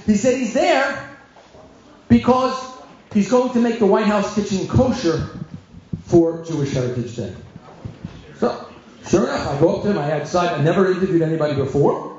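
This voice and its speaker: Male rabbi storyteller, high and lively; comic timing, booming hall echo. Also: normal speed, long pauses, a little hiss or hum. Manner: animated, self-mocking, comic timing. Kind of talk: comic storytelling talk to an audience. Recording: echoey hall, dull sound.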